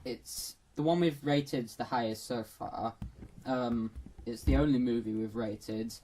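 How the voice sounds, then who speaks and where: A man's voice: medium pitch, a little slow, dark tone, slight background noise, low-quality recording. A man co-hosting a podcast, chatting casually about a film and often restarting his phrases. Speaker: podcast co-host. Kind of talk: casual film review chat.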